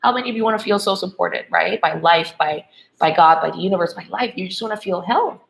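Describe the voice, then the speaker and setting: A woman's voice: lowish voice, fast, creaky, rough recording. A woman love coach giving a motivational spiritual talk to women, checking in with "okay?" and "right?" as she goes.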